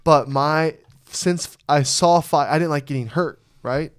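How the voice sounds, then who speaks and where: A man's voice: a little high, a little slow, clean tone. A man hosting a podcast, chatting in a blunt, profane, joking way. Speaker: podcast host. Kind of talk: casual chat.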